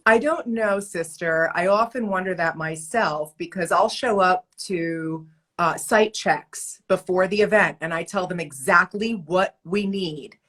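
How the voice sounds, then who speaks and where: A woman guest on a video call, telling animated, exasperated stories in a casual interview chat. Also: lowish voice, measured pace. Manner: animated storyteller, emphatic and exasperated. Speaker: guest, event entertainer and author. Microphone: remote video call.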